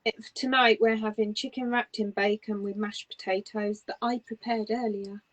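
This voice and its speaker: A woman from northern England, co-hosting a crafting podcast in casual chat, encouraging and quick to agree. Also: medium pitch, flat delivery, rough recording. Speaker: podcast co-host.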